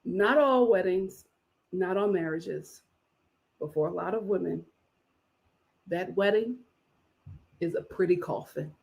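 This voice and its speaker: A woman's voice: on the low side, takes it slowly, creaky, pauses often, muffled recording. A woman in her thirties giving casual live-stream commentary on a reality show, sassy and opinionated, laughing often. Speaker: reality TV reviewer.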